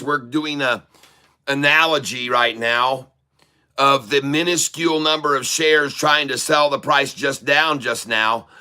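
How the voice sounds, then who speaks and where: A stock trader streamer gives live trading commentary in a pushed, bright, medium-pitched voice, boasting and teasing, cracking crude jokes and laughing often.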